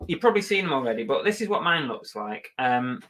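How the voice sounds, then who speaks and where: A young man with a bright, forward voice hosts a live reselling stream. He chats in an upbeat, easygoing way, reading out viewer comments and laughing often. His pitch sits in an ordinary middle range. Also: very animated, fast. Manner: chatty, upbeat, laughs easily. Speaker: reseller channel host.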